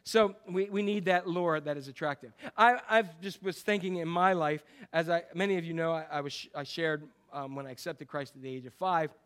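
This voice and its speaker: A male pastor, his speaking voice sitting high for a man. He preaches in a loose, chatty way, throwing questions out to the congregation and sometimes bursting into a loud imitation of fire-and-brimstone preaching. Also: fairly even intonation, fairly quick, few pauses, clear, resonant tone. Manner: conversational, asks the congregation questions, shouts mimicked preaching. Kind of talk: sermon.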